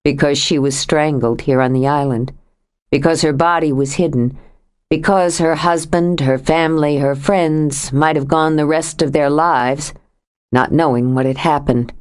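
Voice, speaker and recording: A woman voicing a troubled grown man who speaks in a low, steady, earnest way as he confesses to his lover in an audiobook. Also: unhurried. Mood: earnest, pleading. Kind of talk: audiobook character voice.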